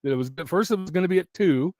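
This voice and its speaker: A man chats loosely to his channel's viewers from home, sitting right up on the mic in a dry, close sound. His voice sits a bit high for a man and is wearing thin, and he rambles, restarts and laughs often. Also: very fast, darkish tone, dry recording. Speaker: YouTube channel host. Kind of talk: casual livestream chat.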